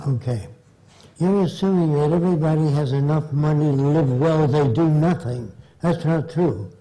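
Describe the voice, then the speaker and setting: A man's voice: fairly high pitch, moderate pace, mellow, rough recording. Blunt older male lecturer telling stories. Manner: blunt, storytelling, acts out quotes. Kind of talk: lecture answer with anecdotes.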